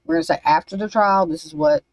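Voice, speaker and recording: A woman's voice: mid-range voice, quick pace, no echo, low-quality recording. A woman reading spiritual cards on a casual livestream, scattered and swearing under her breath as she talks to herself. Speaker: spiritual card reader. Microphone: desk microphone.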